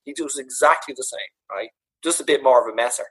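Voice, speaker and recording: On a rough recording, a medium-pitched man with a breathy edge talks fast in a Dublin accent. The Irish author, a podcast guest, swaps funny stories about his dad casually, full of laughter, swearing, and animation.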